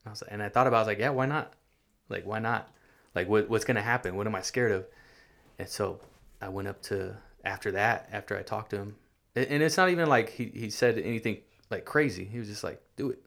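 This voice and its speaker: A man telling a personal faith story in casual chat, earnest and halting, often repeating his words. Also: lowish voice, creaky, fairly bright tone. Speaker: guest sharing testimony.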